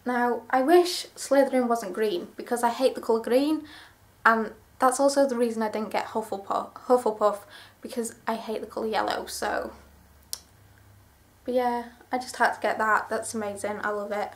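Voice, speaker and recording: A woman's voice: a little high, fairly even intonation, moderate pace. A young woman chatting through a clothing haul vlog, gushing and rambling with enthusiasm. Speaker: vlogger.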